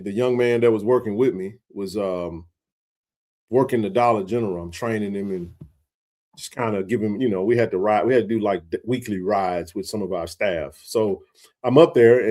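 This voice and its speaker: A man's voice: on the low side, a little mellow. A man from Mississippi, hosting a sports livestream and telling a long story in a fired-up, chatty way with lots of fillers. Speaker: sports talk show host.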